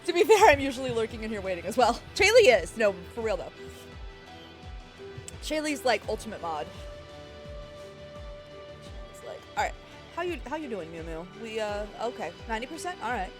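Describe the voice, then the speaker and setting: A woman's voice: fairly high pitch, sing-song, normal speed, long pauses, music in the background. A young woman streaming live, chatting casually and giggling as she greets her viewers.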